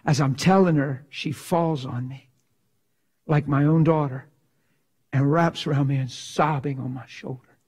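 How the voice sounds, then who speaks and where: Male preacher, husky and highish, dramatic sermon delivery. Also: fairly even intonation, unhurried. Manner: emphatic, dramatic, swings from loud to hushed.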